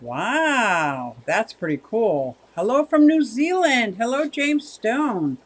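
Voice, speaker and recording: A woman's voice: fairly high pitch, very animated, slow. A woman hosting a casual livestream, chatting with viewers in a rambling way and thanking them by name. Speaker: livestream host.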